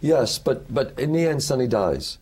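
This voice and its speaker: A man, an actor, talking as a guest in an interview and telling animated stories in which he acts out other people's lines. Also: mid-range voice, normal speed. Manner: lively storyteller who acts out the quotes.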